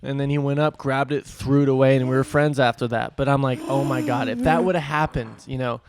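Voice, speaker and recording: A Californian man co-hosting a comedy podcast, telling a childhood story in an animated, laughing way. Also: mid-range voice, a little fast, slight background noise. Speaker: podcast co-host. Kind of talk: casual storytelling.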